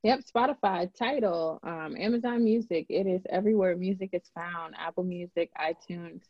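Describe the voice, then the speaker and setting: A woman's voice: on the low side, moderate pace, no room sound. A woman on a podcast, chatting bubbly and playfully with frequent laughter. The sound is dry and a little dull, with no room around it. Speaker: podcast guest, poet. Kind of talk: casual podcast chat. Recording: dry, slightly dull recording.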